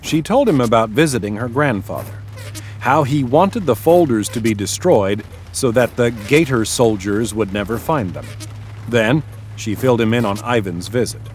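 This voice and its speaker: A man reading audiobook narration in a measured storytelling manner. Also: medium pitch, lively intonation, slight background noise.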